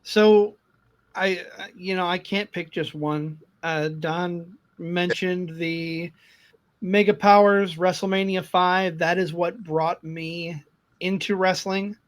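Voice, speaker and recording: Man, high voice, podcast co-host, casual, invites everyone to chime in. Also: steady tone, takes it slowly. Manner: invites the others and listeners to join in.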